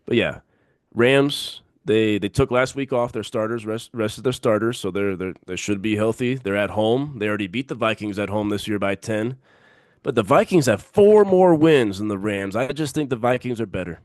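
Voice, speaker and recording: A man's voice: lowish voice, lively intonation, normal speed, a little mellow, no room sound, clean studio sound. A man co-hosting a sports podcast in casual banter, emphatic and repeating his picks for effect.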